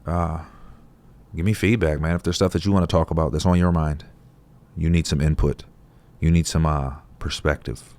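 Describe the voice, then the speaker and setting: A man with an exceptionally deep voice talks to camera in a relaxed, reflective vlog. He speaks conversationally and swears freely as he shares his perspective. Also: moderate pace. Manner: laid-back, profane, conversational. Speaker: vlogger. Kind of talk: casual reflective talk to camera.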